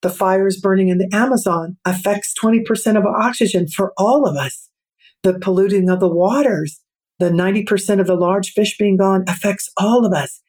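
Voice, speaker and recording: This middle-aged woman is a guest on a podcast, recounting a personal story with earnest reflection and slowing down at key points. Her voice is medium in pitch with a darkish tone.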